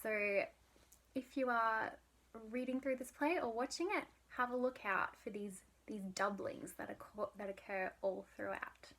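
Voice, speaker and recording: A woman's voice: a little high, fairly even intonation, moderate pace, fairly bright tone. A young adult woman giving a casual literature lesson, chatty with many fillers and dropping into whispers at times. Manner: chatty, lots of "like", drops into whispers. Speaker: literature teacher.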